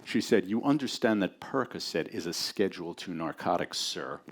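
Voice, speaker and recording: A man's voice: deep voice, animated, normal speed. A man reading the lines of a suspicious woman pharmacy clerk in a story, with terse, clipped questions. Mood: curt.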